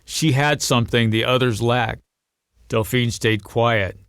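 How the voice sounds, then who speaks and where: A man reading a novel aloud as narrator, in a steady storytelling manner. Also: unhurried, clear, resonant tone, dry recording, studio quality. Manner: steady storytelling, lifts pitch and volume for quoted voices. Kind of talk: audiobook reading.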